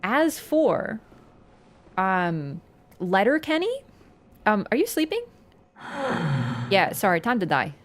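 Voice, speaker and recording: A woman's voice: medium pitch, huge pitch swings, slow pace, pauses often. A young Canadian woman chatting casually while livestreaming a game, rambling with lots of "like". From Ontario, Canada. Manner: chatty, rambling, full of "like" fillers. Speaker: streamer.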